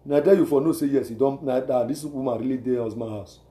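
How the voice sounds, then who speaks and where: A man's voice: mid-range voice, fast talker, warm tone, reverberant. A man with a Nigerian accent giving repetitive, exhortative advice and often asking listeners whether they understand. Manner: repetitive, exhortative, with rhetorical questions. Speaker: advice speaker. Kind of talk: preachy advice talk.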